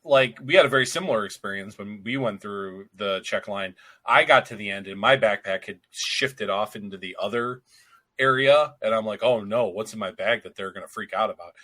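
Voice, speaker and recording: A man's voice: fairly low pitch, fairly quick, bright, forceful tone. A man co-hosting a casual podcast, laid-back with a wry, dry sense of humor. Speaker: podcast co-host. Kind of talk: casual chat.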